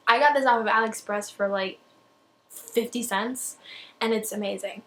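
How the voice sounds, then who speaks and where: A woman's voice: on the high side, normal speed, fairly bright tone, poor audio. A young woman talking through a makeup tutorial in a chatty, rambling, self-deprecating way, a little out of breath. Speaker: beauty vlogger.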